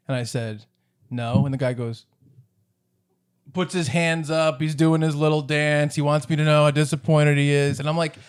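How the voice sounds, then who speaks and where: Male podcast co-host, slightly high voice, chatty storyteller who acts out the dialogue. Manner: animated, acts out both sides of a story, laughs often. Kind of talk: casual storytelling chat.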